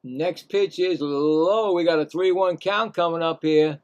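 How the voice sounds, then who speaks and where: A man giving casual, rambling live baseball play-by-play, chatting to himself between pitches and rising sharply in pitch on the calls. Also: a little slow, a little mellow, clear, resonant tone, highs cut off. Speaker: play-by-play commentator.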